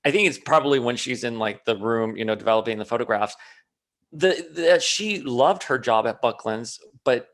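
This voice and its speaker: A man co-hosting a podcast in casual chat, playful and animated, swearing now and then. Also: medium pitch, normal speed. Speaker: podcast co-host.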